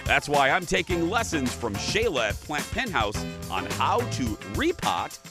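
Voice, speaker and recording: A man's voice: a little high, big pitch swings, measured pace, loud music behind the voice. A man hosting a studio talk show, chatty and self-deprecating.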